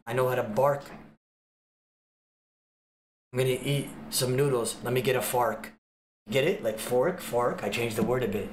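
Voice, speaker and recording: A man livestreaming, joking with his chat in loud, swearing banter. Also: mid-range voice, reverberant, slight background noise.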